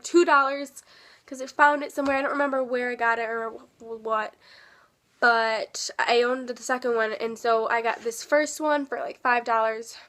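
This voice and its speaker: A young woman with a high voice chats bubbly and self-deprecating about her new books. She is a little sick and often drops to a near whisper in asides. The talk is casual, as if in her own room. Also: fairly bright tone. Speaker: book vlogger. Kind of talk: casual book haul chat.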